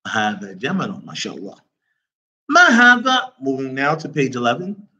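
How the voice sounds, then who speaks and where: Guy teaching a class, bright lively voice, keeps asking is everybody clear, kinda muffled lo-fi sound. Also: mid-range voice, racing. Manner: keeps checking the class with repeated questions; reads Arabic phrases, then explains them in English. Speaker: Arabic teacher. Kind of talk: classroom lesson.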